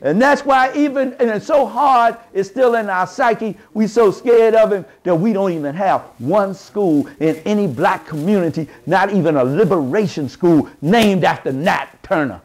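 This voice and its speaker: A man giving an impassioned lecture to a live audience, speaking in a folksy, colloquial way and rising to shouted emphasis like a preacher. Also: high-pitched, moderate pace, hardly any pauses. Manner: folksy, colloquial, with double negatives.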